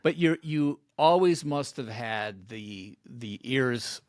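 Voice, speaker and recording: A man hosting a casual interview, relaxed, asking leading questions and telling stories. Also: mid-range voice, slow, no room sound, studio quality. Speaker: podcast host.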